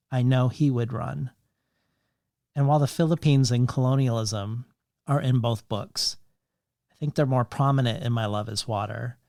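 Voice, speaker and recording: A man hosting a literary podcast interview, speaking in measured, long questions that weave in quoted lines and figures. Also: mid-range voice, a little mellow, no room sound, clean studio sound. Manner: measured, reads quotations and statistics in long questions. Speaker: podcast host.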